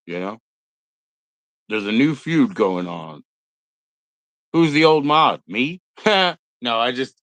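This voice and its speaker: On a poor-quality recording with no echo, a middle-aged man hosts a casual livestream. His voice sits on the low side and sounds a bit bright as he rambles, curses, and imitates other people in mocking put-on voices.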